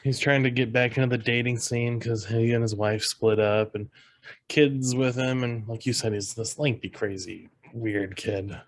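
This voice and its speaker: A man's voice: medium pitch, flat delivery, normal speed. A man co-hosting a podcast, rambling through a movie plot in casual chat. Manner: rambling plot recap with quoted lines. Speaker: podcast co-host.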